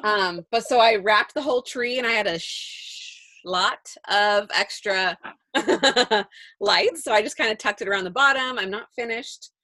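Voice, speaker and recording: A woman's voice: medium pitch, measured pace, pushed and bright, no echo, clean studio sound. A woman co-hosting a podcast, chatting casually, rambling through stories and laughing often. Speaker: podcast co-host. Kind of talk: casual chat.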